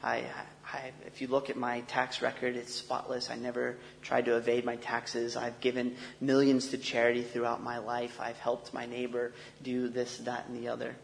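A hesitant man pleads his record at heaven's gate, quiet and stammering. A preacher acts him out. The hall's long reverb hangs behind him. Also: mid-range voice, monotone, moderate pace, creaky, few pauses, a little hiss or hum, close to an everyday voice. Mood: pleading. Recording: long echo of a large hall.

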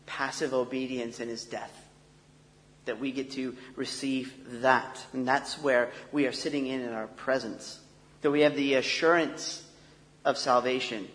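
A man preaches a sermon in an earnest, conversational tone, mid-pitched and plain. His words ring out with a long reverb from a church sanctuary. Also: a bit bright. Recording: long echo of a large hall.

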